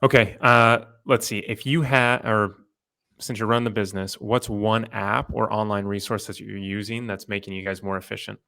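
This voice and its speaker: Host: man, low and even voice, relaxed loose interviewer. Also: normal speed, vocal fry. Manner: loose, filler-heavy questions. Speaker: podcast host. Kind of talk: casual interview.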